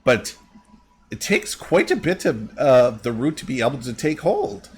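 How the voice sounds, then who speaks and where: A man's voice: medium pitch, very animated, measured pace, breathy edge, full character voice. A man voicing a sly, boastful old female crafter who sweetly calls people dearie. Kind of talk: tabletop role-play voice.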